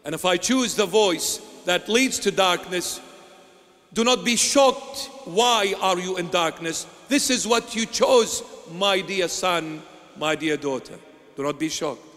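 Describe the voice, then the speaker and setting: Preaching with a high-pitched, fairly bright voice, a bishop poses rhetorical questions and answers them on his own. His delivery is slow and emphatic, and the sound is that of a big room.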